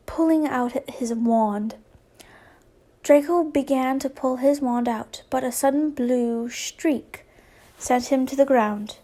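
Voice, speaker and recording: Young woman, high and unhurried, reads fan fiction out loud with giggly, chatty asides. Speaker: fanfiction reader and channel host. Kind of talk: casual reading of fan fiction aloud.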